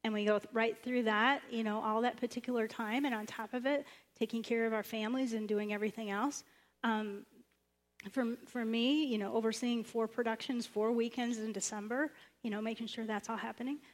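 A woman pastor preaching a sermon in a church, animated, acting out the lines of the stories she retells. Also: a little fast. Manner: animated, acts out the prophet's lines with sudden high bursts.

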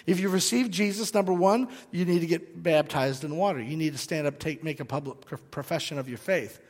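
Animated high-voiced male pastor preaching. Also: brisk. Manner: animated preaching, dramatic shifts from loud to hushed. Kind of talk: sermon. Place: church sanctuary. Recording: long hall reverb.

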